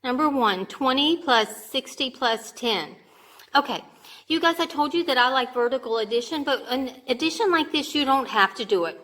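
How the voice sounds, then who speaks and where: A woman's voice: high voice, lively intonation, moderate pace, a bit bright. A woman teaching a grade two class remotely, patiently sounding out words and checking in with "okay?". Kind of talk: remote lesson for young children.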